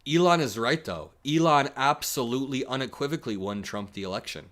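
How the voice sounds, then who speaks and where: A man hosting a livestream, reacting to clips and posts in an energetic, joking way and laughing often. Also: medium pitch, brisk. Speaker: political commentary streamer.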